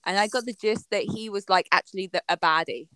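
A woman's voice: mid-range voice, a little fast, a bit bright. A woman co-hosting a casual podcast, laid-back and laughing, with some casual swearing. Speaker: podcast co-host. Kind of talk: casual chat.

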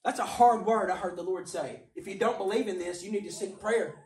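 A man preaching a sermon with passion, swinging from quiet, low remarks up to emphatic shouts. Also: a little fast, slight background noise. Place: church hall. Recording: roomy sound from a distant mic.

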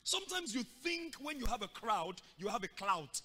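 Animated preacher in a reverberant hall. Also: male voice, very high-pitched, moderate pace. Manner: dramatic, acting out scenes with shouts and sudden loud bursts. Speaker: pastor. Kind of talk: sermon. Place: church hall. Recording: long reverb of a large hall.

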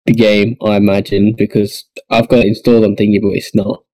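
A man's voice: fairly low pitch, level tone, fairly quick, a little mellow, no room sound, rough recording. A man co-hosting a podcast, chatting casually and easygoing, trailing off with "um.". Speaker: podcast co-host. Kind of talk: casual chat.

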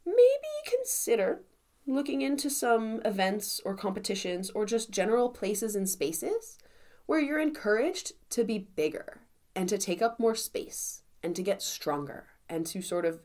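A woman's voice: medium pitch, animated, unhurried, a little mellow. A young adult woman hosting a casual solo podcast as a confidence coach, chatty and encouraging, with lots of "like" fillers.

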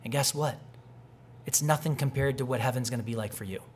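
A man's voice: medium pitch, a little fast, breathy edge. A male pastor giving a conversational sermon, telling personal stories and acting out quoted people. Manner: conversational, animated, acts out quoted voices.

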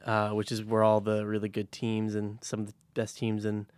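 A young man co-hosts a casual sports talk show and jokes around energetically as he tells stories. His voice is low-pitched. The recording is dry and close, with no room echo. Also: normal speed, clean tone. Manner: joking, energetic storyteller. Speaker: podcast co-host.

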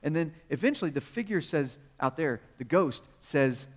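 In a large hall with long reverb, a man preaches in a chatty, storytelling style, posing rhetorical questions and chuckling often along the way. His voice sits on the high side, with lively intonation and a moderate pace.

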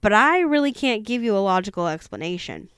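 A calm older pastor speaks gently and evenly, voiced by a woman reading a horror book. Her voice stays smooth and clear, with a dry, close sound. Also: mid-range voice, no echo. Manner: gentle, measured.

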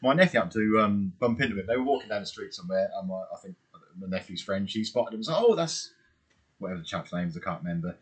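A man's voice: sits low, very fast, few pauses, husky. A man co-hosting an unedited podcast, chatting casually, swearing and telling stories with silly voices. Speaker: podcast co-host. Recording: unedited home podcast mic.

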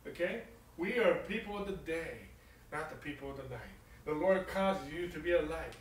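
A man preaching a sermon, swinging from emphatic peaks to low, soft lines and often asking "okay?" of his listeners. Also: moderate pace, reverberant, far from the mic, a little hiss or hum, low-quality recording. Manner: repeats phrases, asks the congregation "okay?".

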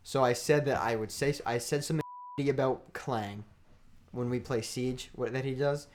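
A man's voice: medium pitch, steady tone, moderate pace, slight background noise. A man co-hosting a podcast in casual chat, telling a rambling, joking story. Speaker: podcast co-host.

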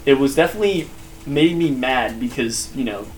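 A young man telling animated, rambling stories in casual chat with friends, swearing now and then. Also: mid-range voice, normal speed, a little hiss or hum. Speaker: guest.

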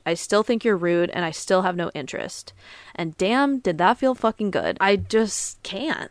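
A woman's voice: on the low side, clean tone, dry recording. A young woman hosting a podcast, telling a dating story in a blunt, profane, heated casual monologue. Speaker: podcast host.

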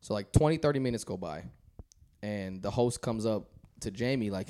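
A man telling a casual story on a podcast, animated and laughing as he goes. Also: lowish voice, moderate pace. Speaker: guest on a podcast.

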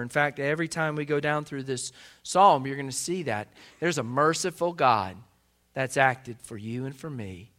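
A middle-aged man, a pastor preaching a sermon in a church, his voice swelling loud on key phrases. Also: medium pitch, normal speed. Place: church sanctuary.

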